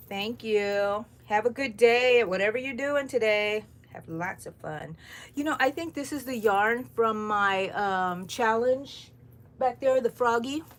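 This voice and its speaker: A middle-aged woman hosting a crochet livestream from her home, rambling and greeting viewers by name. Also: mid-range voice. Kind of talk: chatty live-stream talk to viewers. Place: home room, overcast morning.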